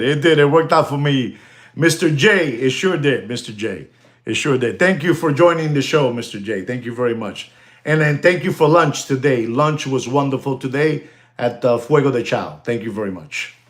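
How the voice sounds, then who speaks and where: A man hosting a live stream, excitable and animated, thanking viewers and mixing in exclamations. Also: medium pitch.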